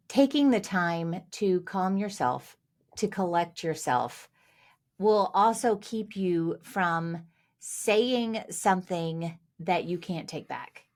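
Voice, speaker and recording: A woman hosting a parenting podcast, speaking in a thoughtful, measured way in conversation with her guest. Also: lowish voice. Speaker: podcast host.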